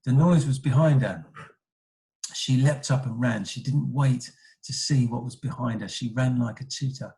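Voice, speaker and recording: A man's voice: medium pitch, moderate pace, vocal fry, mellow, rough recording. A man teaching a writing lesson to primary school children. He thinks aloud and keeps adding tag questions. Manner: asks many tag questions like "isn't it?"; thinks aloud with frequent ums and self-corrections.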